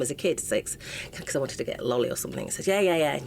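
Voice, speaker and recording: A woman's voice: very deep voice, very fast, vocal fry, slight background noise. A middle-aged English woman, an interview guest, telling a painful personal story with raw emotion and frequent broken-off sentences. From England. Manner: raw and impassioned, often breaking off mid-sentence.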